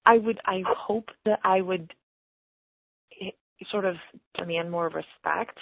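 A woman caller speaking hesitantly and softly about her feelings. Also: mid-range voice, slow, vocal fry, no room sound. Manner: hesitant, soft-spoken. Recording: dry phone line.

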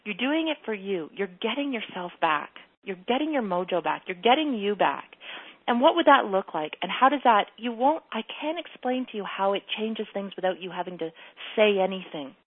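A woman's voice: medium pitch, sing-song, normal speed, breathy edge. Emphatic woman coaching over tinny line. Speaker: relationship coach. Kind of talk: radio advice call. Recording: tinny phone-like broadcast.

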